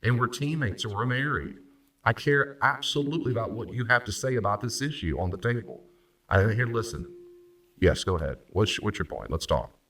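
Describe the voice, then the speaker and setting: A man, a pastor and counselor, teaching on marriage and acting out spouses' lines in quick voices. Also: medium pitch, expressive, a bit bright, recorded from a distance. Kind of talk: recorded teaching talk on marriage.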